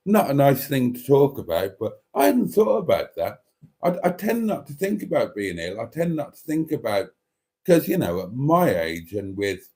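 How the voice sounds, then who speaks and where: A man's voice: medium pitch, warm tone. Rambling middle-aged man on a live stream. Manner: rambling, self-interrupting and chatty. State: a bit congested with mucus. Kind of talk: casual live chat reading viewer comments.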